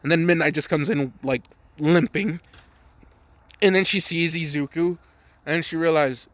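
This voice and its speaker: A man's voice: a little high, normal speed, dry recording. A young man casually improvising a crude fan story, rambling, swearing a lot and laughing at his own jokes.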